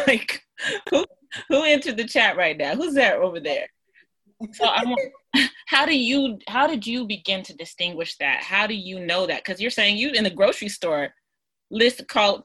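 A woman's voice: medium pitch, pushed and bright. A woman in her thirties hosting a casual interview, eager and thinking aloud, with frequent restarts. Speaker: podcast host.

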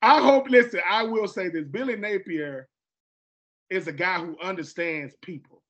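Speaking at normal speed in a high voice, the podcast host from Georgia, USA, keeps things casual. He animatedly performs quoted dialogue, often repeating and restarting his lines.

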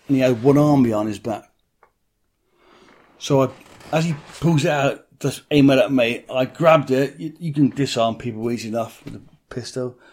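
A man's voice: medium pitch, normal speed, a little mellow. A blunt middle-aged man tells his story in an interview, plain-spoken and salty with his language. He acts out other people's lines as he goes. His voice sits in an ordinary middle range for a man.

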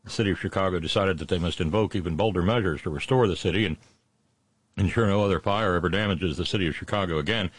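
A middle-aged man hosting a satirical on-this-day history segment, full of puns and sarcastic asides, slowing down for his punchlines. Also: low voice, breathy edge, dry recording. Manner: punning asides and sarcastic jabs; slows down for punchlines. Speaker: host of a daily history segment.

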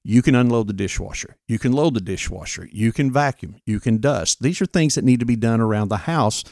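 A man's voice: mid-range voice, a little fast, a little mellow, no room sound, studio quality. A middle-aged man co-hosting a parenting podcast, talking in a firm, earnest, lecturing way. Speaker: podcast co-host. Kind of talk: casual parenting talk.

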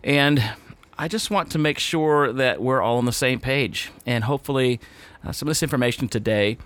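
A male podcast host speaks in a studio, still out of breath. His talk is loose and unscripted, full of fillers, restarts and trailing asides. His pitch sits mid-range. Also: normal speed, a bit bright. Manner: rambling, with many fillers and restarts. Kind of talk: casual off-the-cuff podcast talk.

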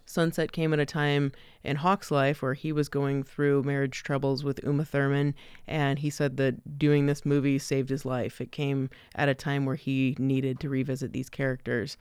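Crisp-voiced male podcast host. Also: medium pitch, level tone, normal speed, a little mellow, no echo, clean studio sound. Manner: informative, recounting background facts. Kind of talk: film discussion podcast.

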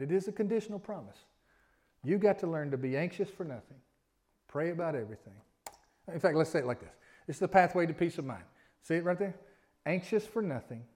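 A man's voice: fairly high pitch, a little mellow. A middle-aged man preaching a sermon in a folksy, conversational way, drawing responses from the congregation. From Alabama, US. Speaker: pastor.

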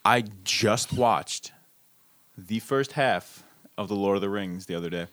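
A man's voice: on the low side, unhurried, a bit bright. A man playing in a tabletop game, chatting casually with self-mocking jokes. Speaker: player.

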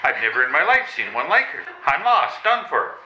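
A man's voice: a little high, big pitch swings, moderate pace, sharp tone, slight background noise. A man reading a comic play on stage before a live audience, pleading and stammering in a flustered way. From Canada. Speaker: reader in a readers' theatre comedy. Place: old train station hall with a live audience. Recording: roomy hall.

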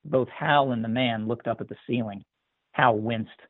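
A man's voice: medium pitch, fairly even intonation, moderate pace, no echo. Man narrating a story on a tinny line. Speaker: story reader. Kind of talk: scripted narration. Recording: tinny dry phone-like sound.

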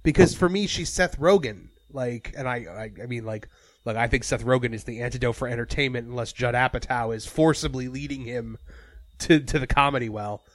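A man's voice: medium pitch, a little fast, dry recording. A man co-hosting a casual podcast chat, rambling with many fillers and restarts. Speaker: podcast co-host.

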